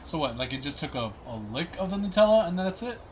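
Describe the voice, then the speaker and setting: A man's voice: high voice, sing-song, quick pace, darkish tone, slight background noise. A man in casual chat who reacts with amusement and laughs often.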